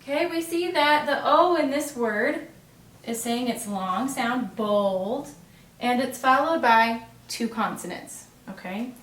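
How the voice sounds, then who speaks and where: A woman teaching a phonics lesson at a board, patient and encouraging, pausing for the learner's answers. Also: high voice, fairly bright tone. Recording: roomy echo, distant mic, faint hiss.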